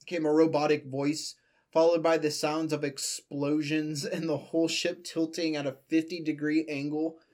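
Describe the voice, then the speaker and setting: A man's voice: a little high, little pitch movement, normal speed, darkish tone. A young man reading a fan story aloud for laughs, breaking off for joking asides. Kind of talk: comedic dramatic reading.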